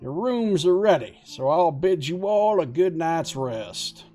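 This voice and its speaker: A man voicing a formal, courteous male lieutenant with a put-on Southern US drawl, speaking slowly and loudly. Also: a little high, animated, soft background music.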